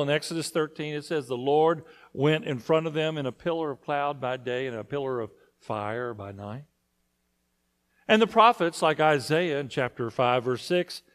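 A male pastor preaching a conversational sermon to his congregation, often asking them questions. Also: a little high. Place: church sanctuary.

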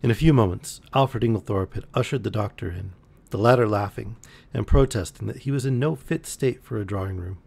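A man with a low, gravelly, somewhat husky voice reads a novel aloud for a live stream. He keeps an easy, relaxed pace and now and then trips over a word and restarts. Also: fairly quick, hardly any pauses. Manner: relaxed, with occasional slips and restarts. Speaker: audiobook reader on a live stream. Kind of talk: reading a novel aloud, voicing characters lightly.

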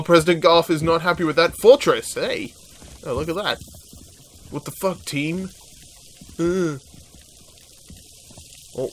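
A man giving chatty, excitable commentary over his own gameplay, often laughing and swearing. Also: fairly high pitch, a little hiss or hum. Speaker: gaming video host.

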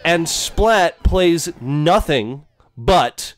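Excitable, foul-mouthed young gamer guy. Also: a little high, extremely slow. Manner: excitable, swears a lot, shouts when winning. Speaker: let's play host. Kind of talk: casual gaming chat. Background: faint game music.

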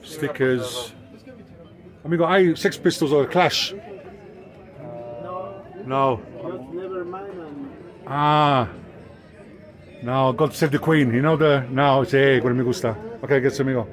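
An Englishman talks casually to a handheld camera as he strolls through an outdoor street market, pointing out stalls and chatting with sellers. His voice sits at an ordinary middle pitch, and thick crowd chatter with passing traffic fills in behind him. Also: slow pace, pauses often. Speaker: vlogger. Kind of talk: casual walking vlog.

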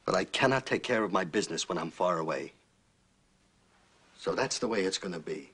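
An actor playing a gangster boss, husband and father, talking with calm, controlling weariness in a 1970s crime film. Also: low-pitched, a little fast. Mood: firm, weary.

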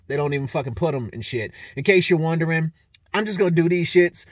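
A man giving a casual, animated fight breakdown, swearing freely and laughing often. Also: a little high, no room sound, clean studio sound. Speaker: fight analyst vlogger.

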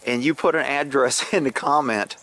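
A man's voice: medium pitch, normal speed, a bit bright. A middle-aged man telling a rambling, casual story outdoors into a handheld phone, swearing freely and laughing at himself. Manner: chatty, swears casually, laughs at own stories. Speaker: vlogger, horse owner.

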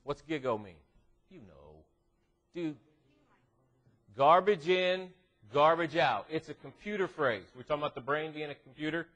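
A man giving a youth devotional at church in an animated, joking way, teasing the teenagers in front of him. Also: a little high, normal speed, pauses often, highs cut off. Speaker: youth minister. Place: church classroom.

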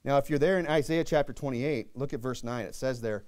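A man's voice: medium pitch, a little fast, hardly any pauses, a little mellow, smooth. A young man preaching an earnest sermon, reading scripture aloud and often restarting his sentences. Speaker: pastor.

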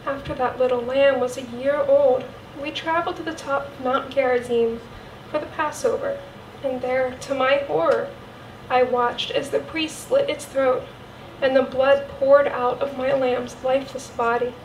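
High-voiced woman doing a grieving jesus follower, earnest monologue, far off in an echoey church. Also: fairly even intonation, slight background noise. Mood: solemn. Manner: earnest storytelling, vivid and measured. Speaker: cantata narrator. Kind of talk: dramatic church cantata monologue. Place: church sanctuary.

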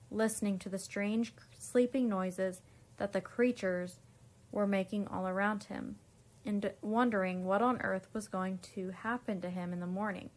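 A woman, a teacher, reading a children's storybook aloud in an unhurried way, with small slips and restarts. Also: medium pitch.

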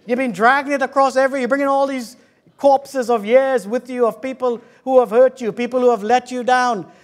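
A male preacher with a British accent delivers a lively church sermon. His voice sits very high, and his delivery is fervent. He calls out to the congregation and jokes with them. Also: brisk. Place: church hall.

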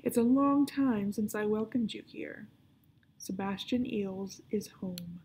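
Woman voicing a villain man, booming, slow, grand, dark gravelly tone. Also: full character voice. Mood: gloating.

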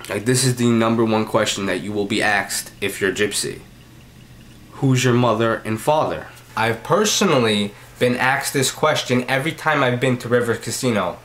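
A man's voice: mid-range voice, normal speed, a bit bright, soft background music. Man ranting in a profane comedy vlog. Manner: profane, repetitive, rambling. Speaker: vlog host. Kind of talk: comedy rant to camera.

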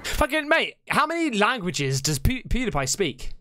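A man hosting a reaction video, talking in excitable, rambling casual commentary and swearing freely. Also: high voice, normal speed, noisy background. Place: hot indoor room.

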